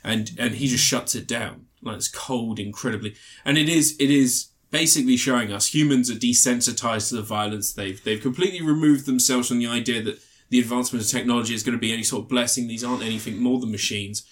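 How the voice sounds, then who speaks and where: This man talks fast with few pauses in a mid-range voice. Co-hosting a podcast, he rambles through a casual film review, swearing freely and doing mocking impressions of the characters.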